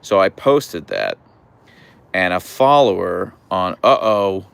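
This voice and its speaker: Broadcasting casually from an outdoor deck, this young livestream host talks with his audience, reads out their comments, and coos high-pitched at his dogs. He speaks slowly with huge pitch swings and vocal fry, his tone clear and resonant in a dry recording.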